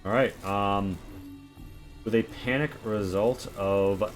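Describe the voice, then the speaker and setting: Low-voiced game master, crude, vivid narration, faint music behind. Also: male voice, fairly even intonation, takes it slowly.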